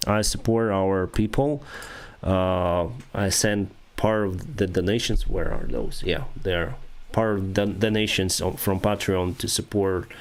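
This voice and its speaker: A Ukrainian-accented man chats casually on a livestream, answering viewer questions. His voice sits low, and he speaks slowly with many pauses and restarts as he searches for words. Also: steady tone. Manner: halting, many restarts and fillers, reads comments aloud. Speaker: airline pilot and livestream host. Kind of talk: casual livestream chat reading viewer comments.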